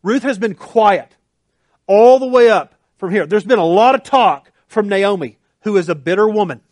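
A male pastor preaching earnestly in a conversational tone, with frequent restarts. His voice sits high for a man. The recording is dry and close, with no room sound. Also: normal speed, darkish tone, dry recording. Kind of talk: sermon.

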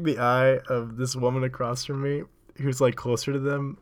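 A man's voice: mid-range voice, little pitch movement, normal speed. A man hosting a podcast, telling a casual story in a rambling, filler-heavy way and laughing often. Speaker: podcast host.

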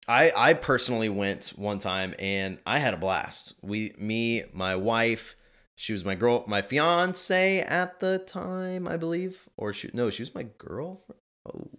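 A podcast host with a lowish voice chats casually and tangents freely. His pitch jumps around a lot as he talks. He often stops to correct himself mid-sentence. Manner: animated, rambling, self-correcting. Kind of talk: casual chat.

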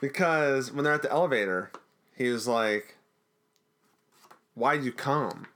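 Chatty male podcast co-host with a lively, swinging voice, jokey recap banter. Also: medium pitch, measured pace. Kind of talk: casual recap chat.

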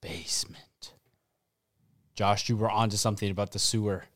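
A man playing in an improvised comedy role-play game, deadpan and blunt. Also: on the low side, racing, dry recording, studio quality. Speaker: player.

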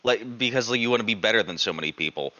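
A man co-hosting a casual gaming podcast, talking in a halting, rambling way with many restarts. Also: fairly low pitch, lively intonation, bright, forceful tone. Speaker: podcast co-host. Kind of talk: casual panel chat. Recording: dull lo-fi mic.

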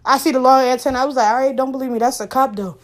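A young adult woman telling a funny personal story in a casual storytime monologue. She is animated and profane, laughs as she goes, and acts out her own lines. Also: sits high, rapid-fire.

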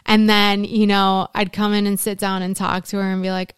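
Smooth-voiced middle-aged woman, earnest and dry. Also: mid-range voice, flat delivery, moderate pace, no room sound. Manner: earnest, talks in long lists. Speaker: guest, works with mothers in recovery. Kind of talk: casual conversation.

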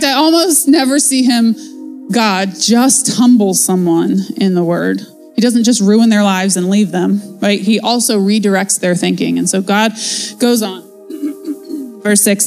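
A woman's voice: medium pitch, unhurried, a little mellow, soft background music. A woman giving a casual, conversational devotional Bible teaching in a chatty, playful way.

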